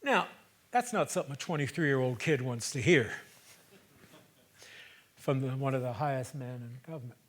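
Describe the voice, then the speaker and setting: A man in his seventies performing a theatrical storytelling monologue on a stage, conversational, moving between loud emphasis and hushed asides. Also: medium pitch, expressive, normal speed, pauses often. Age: 70s.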